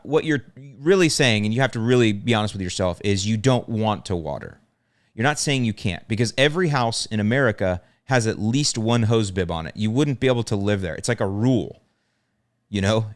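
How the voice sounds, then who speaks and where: A man's voice: lowish voice, clear, resonant tone. A middle-aged man with a Chicago accent, hosting a solo podcast and giving practical, direct advice that repeats the key points plainly. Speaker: podcast host answering lawn care questions.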